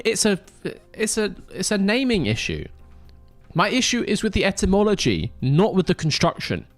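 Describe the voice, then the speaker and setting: A man's voice: high-pitched, sing-song, normal speed, faint music behind. A young man streaming a racing management game, chatting casually with joking banter and mock outrage. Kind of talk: casual live-stream chat.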